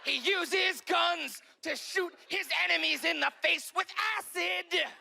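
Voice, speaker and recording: A man voicing a loud, dramatic announcer in a commercial for a boys' action figure. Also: very high-pitched, takes it slowly, gravelly, soft background music, voice pushed up, exaggerated voice. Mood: hyped.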